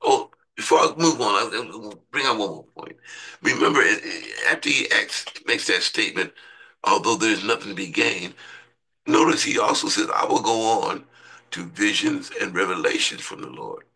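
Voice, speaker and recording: Gravelly, lively preacher man. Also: normal speed, rough recording. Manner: conversational, asks the congregation rhetorical questions, voice jumps high when excited. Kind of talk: sermon.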